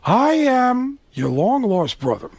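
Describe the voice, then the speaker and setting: A man's voice: very high-pitched, sing-song, no echo, voice pushed up, exaggerated voice. A man doing a drawling, offbeat celebrity. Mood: goofy. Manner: slow, drawn-out, goofy delivery. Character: rambling eccentric male celebrity, offbeat.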